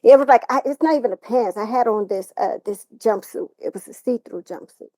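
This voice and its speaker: A woman's voice: on the high side, a little fast, warm tone, no echo. A woman telling a distressing personal story as a talk-show guest, acting out what others said.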